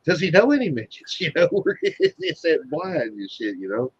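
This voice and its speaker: A man's voice: on the high side, wildly swooping pitch, moderate pace, vocal fry, breathy edge, no echo. A man in casual chat, rambling and swearing constantly as he tells stories. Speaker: guest being interviewed. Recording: dull, dry lo-fi sound.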